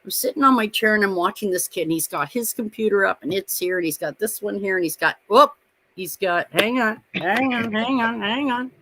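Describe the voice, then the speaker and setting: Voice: mid-range voice, fairly quick, sharp tone, slight background noise. A middle-aged parent co-hosting a live watch-party stream, telling long, profane, rambling stories in casual chat and laughing often.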